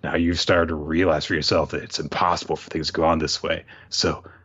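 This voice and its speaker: A man voicing a scheming young woman who coaxes sweetly and slyly in a low, soft murmur, on a dull lo-fi recording. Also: little pitch movement, brisk, husky, exaggerated voice. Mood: coaxing.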